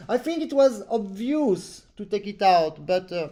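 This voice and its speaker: A man's voice: high voice, big pitch swings, unhurried, hardly any pauses, warm tone, faint music behind. A man leads a live accordion lesson online, trading jokes and teasing his student. He sings little phrases to demonstrate, with faint instrument sounds in the background. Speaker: accordion teacher.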